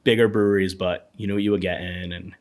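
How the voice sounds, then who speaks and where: Man, 30s, slightly low voice, casual podcast guest, animated rambling storyteller. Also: fast. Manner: animated, rambling anecdotes with frequent fillers.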